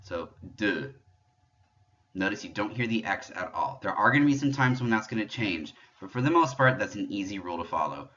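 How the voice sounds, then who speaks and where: A man giving a patient pronunciation lesson, explaining French sounds step by step and demonstrating them slowly. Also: on the low side, lively intonation, fairly bright tone, highs cut off. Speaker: French teacher.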